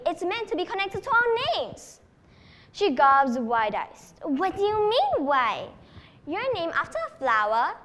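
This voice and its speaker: A woman's voice: high-pitched, a bit bright, full character voice. A student actress delivering a comic storytelling monologue, switching into other characters' voices. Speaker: student performer. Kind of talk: stage monologue performance.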